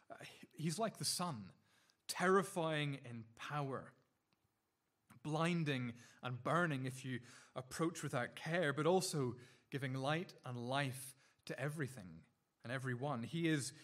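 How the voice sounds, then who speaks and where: A man preaching a sermon earnestly, repeating words and restarting phrases, and slowing down to linger on key lines. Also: medium pitch, a bit bright.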